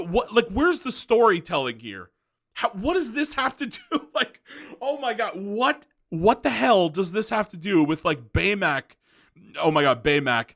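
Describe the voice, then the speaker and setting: A man's voice: high voice, pushed and bright. A man hosting a commentary video, ranting angrily with profanity, fillers and restarts.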